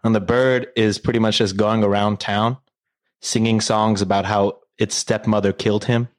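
A man's voice: lowish voice, level tone, normal speed. A man casually retelling a story to friends, rambling and profane, full of fillers and jokes.

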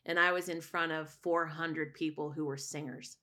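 A woman's voice: deep voice, little pitch movement, moderate pace, sharp tone. A middle-aged woman, a voice teacher and singer, telling a personal story candidly in a rambling way with many restarts.

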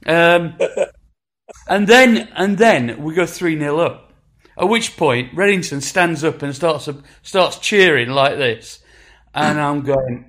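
A man in his sixties with a Sheffield accent recounts stories in a relaxed conversation. He sits a little higher in pitch than most men, and he keeps breaking into animated impressions of the people in the story, stumbling and restarting as he goes. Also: slow. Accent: Sheffield English. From England. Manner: animated anecdote-telling with acted quotes and frequent restarts. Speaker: musician guest. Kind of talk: casual chat, storytelling.

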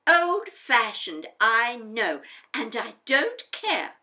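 A woman playing a high, bright-voiced daughter. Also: big pitch swings, slow, lo-fi sound, heavily acted. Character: grown daughter, housewife, proud and defensive. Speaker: adult daughter. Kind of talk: audio drama dialogue.

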